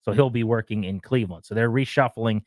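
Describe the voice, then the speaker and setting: A man hosting a sports talk radio show, running briskly through team news and notes. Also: medium pitch, no room sound.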